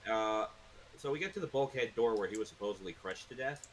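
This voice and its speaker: A man's voice: mid-range voice, animated, brisk, slight background noise. A man casually telling a rambling, laid-back story to a co-host. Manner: rambling, laid-back, uses fillers like blah blah blah.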